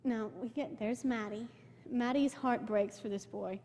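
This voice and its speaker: A woman's voice: a little high, steady tone, unhurried, mellow, slight background noise. A young woman telling a congregation about a mission trip, storytelling with feeling and quoting the people she met. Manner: emotional storytelling, quotes people in her own voice. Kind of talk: personal testimony to a church. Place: church sanctuary. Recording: long hall reverb.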